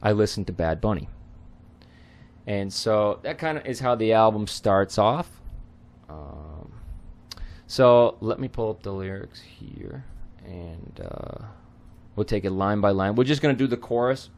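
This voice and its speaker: A man explaining song lyrics line by line as a tutor. He is hesitant, often pausing on ums and clearing his throat. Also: on the low side, expressive.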